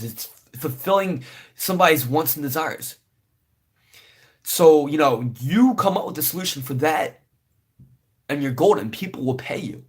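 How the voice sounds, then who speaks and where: A man's voice: fairly high pitch, slightly rough. A young man giving casual, rambling business advice to camera, full of fillers and "right?" tags. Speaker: business vlogger.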